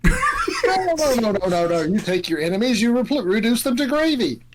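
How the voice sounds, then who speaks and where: A man's voice: sits high, lively intonation, moderate pace, noisy background. A man playing a tabletop game, joking and bantering with the table. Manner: playful, bantering. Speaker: player.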